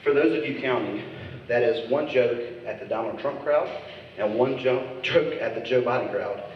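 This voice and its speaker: A man's voice: medium pitch, moderate pace, muffled recording, background noise. A man doing a stand-up comedy set on a club stage, crude and teasing as he riffs with the crowd. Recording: echoey club recording from far off.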